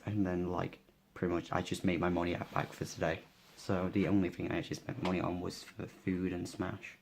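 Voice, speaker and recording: A young man with a cold, sniffly and a bit hoarse, talking tiredly through a casual daily vlog with lots of fillers. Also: sits low, darkish tone, a little hiss or hum. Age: young adult. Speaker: vlogger.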